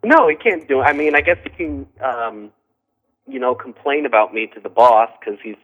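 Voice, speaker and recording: A man's voice: medium pitch, a bit bright. Tired man on a tinny phone line. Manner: hesitant, halting, many restarts. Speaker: caller. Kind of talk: call-in radio chat.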